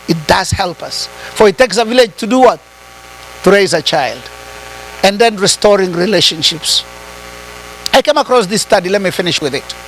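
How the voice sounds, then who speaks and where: A man giving a high-voiced motivational talk. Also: fairly bright tone, a little hiss or hum, rough recording. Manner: switches between English and Swahili, asks the audience rhetorical questions. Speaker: retreat speaker.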